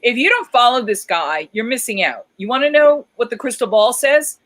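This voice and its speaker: A woman's voice: fairly high pitch, big pitch swings, normal speed, a bit bright, low-quality recording. A woman hosting a live talk show, chatting in a theatrical, enthusiastic way. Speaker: show host.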